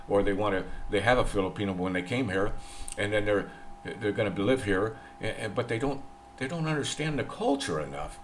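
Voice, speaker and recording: A man's voice: on the low side, a little hiss or hum. A man from the United States, older, talking in a rambling, opinionated vlog monologue and repeating himself. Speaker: vlogger. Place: in the Philippines.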